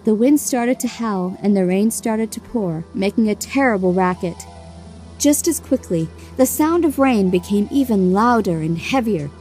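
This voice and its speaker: A woman narrating a children's storybook in a gentle, expressive way. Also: medium pitch.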